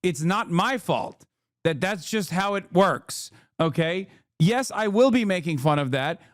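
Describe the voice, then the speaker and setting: A man's voice: sits high, lively intonation, unhurried, no room sound, studio quality. A man streaming his reaction to a video, ranting in exasperation, his voice climbing as he gets worked up. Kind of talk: live-stream reaction commentary.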